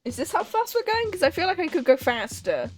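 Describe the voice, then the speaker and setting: A woman's voice: very high voice, very animated, brisk. A British woman streamer chatting casually as she plays a game and reacts to it. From Britain. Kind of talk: casual chat while playing a game. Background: game music.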